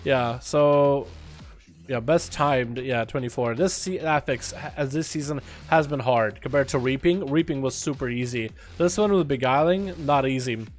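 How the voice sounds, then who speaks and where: A young man livestreaming a video game in a casual chat, reading and answering his chat, with sudden loud excited outbursts. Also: medium pitch, normal speed, faint music behind. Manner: chatty, reads and answers chat, bursts into loud excited outcries.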